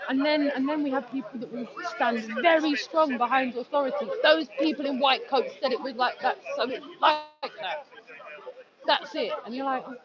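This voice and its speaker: A woman in her forties from Scotland, arguing her case in a lively, mocking, conversational way at an outdoor speakers' gathering. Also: high voice, moderate pace. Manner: animated, conversational, mocking asides. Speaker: street speaker. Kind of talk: outdoor debate chat. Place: outdoors in a busy public park. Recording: dull sound, loud crowd around. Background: loud crowd chatter.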